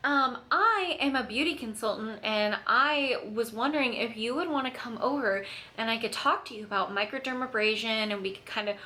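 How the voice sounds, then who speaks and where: A woman putting on the voice of a pushy, fast-talking female beauty saleswoman rushing through an eager pitch. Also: sharp tone.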